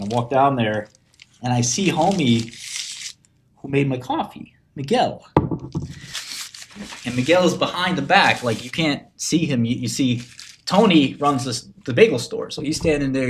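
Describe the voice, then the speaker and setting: A man's voice: medium pitch, slight background noise. A man chatting casually on a livestream, profane and rambling, telling stories with mock menace. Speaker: streamer.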